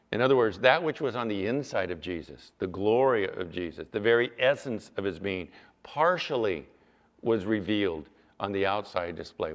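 A male pastor preaching a sermon, animated, sometimes mimicking whiny apologies in a raised voice. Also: fairly low pitch. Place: church sanctuary. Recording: long church reverb.

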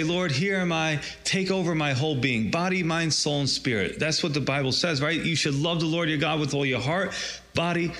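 Bright-voiced man teaching a Bible study. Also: on the high side. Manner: conversational, asks "right?" often. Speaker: pastor.

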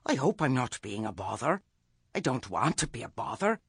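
A man voicing a formidable old witch who speaks quietly and meekly. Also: medium pitch, big pitch swings, normal speed, vocal fry, husky, dry recording, studio quality, heavily acted. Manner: quiet, meek, mild.

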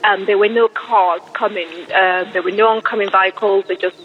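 A woman's voice: mid-range voice, steady tone, brisk, highs cut off, faint music behind. A woman, calling in and telling a story in a chatty way with many fillers. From England. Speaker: caller. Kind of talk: recorded voicemail to a podcast.

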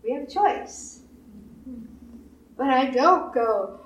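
A woman pastor giving a sermon, with emphatic repetition and quick acted-out quotes. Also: sits high, lively intonation. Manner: repetitive emphatic preaching, acts out quoted voices. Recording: roomy echo, distant mic, faint hiss.

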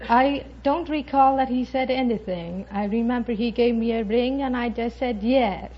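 A woman from Iceland, a quiz show contestant, answering calmly and plainly with gentle amusement. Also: fairly high pitch, moderate pace, husky. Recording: dull lo-fi archival broadcast with hiss.

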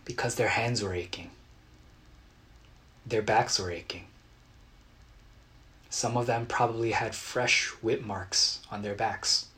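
A man preaching a sermon as a pastor, earnest and dramatic, acting out quotes with bursts of loud emotion. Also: lowish voice, fairly even intonation, slow, pauses often. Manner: earnest, dramatic retellings with sudden loud outbursts.

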